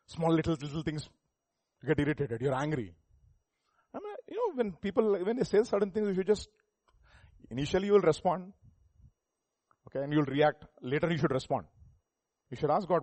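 A man preaching a sermon, emphatic, swinging between loud and soft, asking the listeners rhetorical questions. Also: on the high side, very animated, a little fast, pauses often, no echo. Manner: emphatic, rising and falling volume, rhetorical questions.

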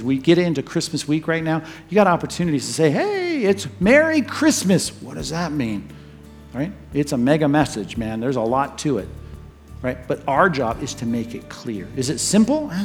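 A man preaching a sermon in a voice that sits a little high for a man. He tells stories with animation, jumping loud and then dropping low. Faint music runs underneath. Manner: animated storytelling, rises and drops in volume. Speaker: pastor.

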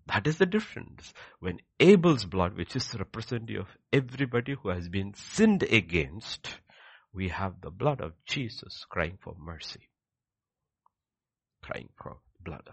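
A man preaching a sermon with emphatic rhetorical questions, swinging between loud declarations and hushed asides. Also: low-pitched, lively intonation, measured pace, gravelly, slightly rough, no echo.

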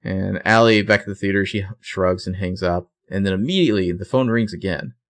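A podcast co-host with a low voice speaks fairly quickly. In casual chat, he retells a TV episode scene by scene, filling in with fillers and correcting himself as he goes.

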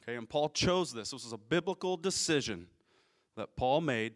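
A man with a mid-range voice and lively intonation gives a conversational sermon at normal speed. His delivery is casual and explanatory, and he frequently checks in with listeners and asks them questions.

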